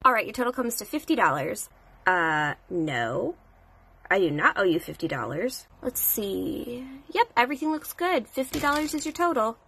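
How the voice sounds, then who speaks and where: A woman's voice: fairly high pitch, big pitch swings, normal speed, creaky, sharp tone, breathy edge, heavily acted. A woman acting out both a firm store manager and a stubborn, argumentative customer in a comedy skit.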